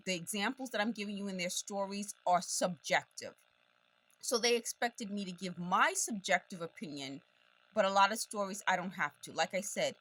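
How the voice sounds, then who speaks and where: A woman's voice: mid-range voice, a bit bright. A woman from the United States talking straight to camera in a casual monologue, insistent and repeating her points, her voice strained from talking over noise. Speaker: video blogger.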